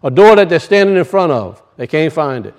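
Cajun male preacher, high voice, folksy and emphatic, quizzes his flock. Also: big pitch swings, fairly quick, a little mellow. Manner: emphatic, questions the congregation, folksy dialect grammar. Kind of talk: sermon.

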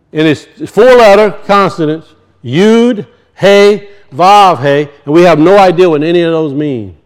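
Here a man preaches with strong emphasis. Word meanings get a slower, teaching pace, while weighty points come in a hushed, low voice.

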